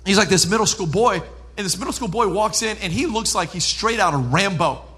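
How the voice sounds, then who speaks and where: A man in his thirties preaching a sermon as pastor, animated, swinging from loud preaching to hushed storytelling. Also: high-pitched, brisk, noisy background.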